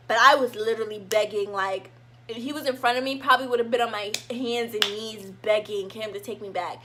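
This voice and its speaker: A young woman vlogger telling a casual storytime, animated, and acting out her own past lines dramatically. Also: fairly high pitch, moderate pace. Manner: animated, dramatic reenactments of herself.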